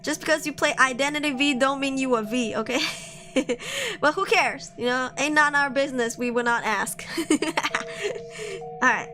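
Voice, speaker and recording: A woman's voice: high-pitched, unhurried, music in the background. A young woman streaming, chatting playfully with slang and frequent laughs while reading horror stories aloud. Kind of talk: casual live-stream chat and reading.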